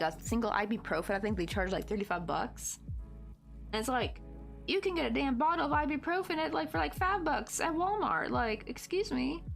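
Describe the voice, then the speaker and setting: Lively chatty American woman host. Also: on the high side, creaky. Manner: rambling, chatty, laughing often, animated. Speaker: crochet livestream host. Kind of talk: casual chat reading viewer comments aloud.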